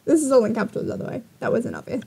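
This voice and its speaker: A young woman vlogger retelling a personal story in an animated way, swearing and laughing. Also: on the high side, racing, creaky, husky.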